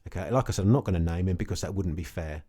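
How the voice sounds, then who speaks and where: Low-voiced guy ranting to camera, blunt, keeps saying okay, mellow tone. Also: racing. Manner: blunt, repetitive, says okay often. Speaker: crypto vlogger. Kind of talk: casual to-camera rant.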